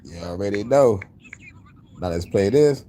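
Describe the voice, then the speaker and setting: A man's voice: fairly low pitch, expressive, a little slow, dark tone, slight background noise. A man hosting a stream in casual chat, laid-back and slangy, rambling with fillers. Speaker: streamer host.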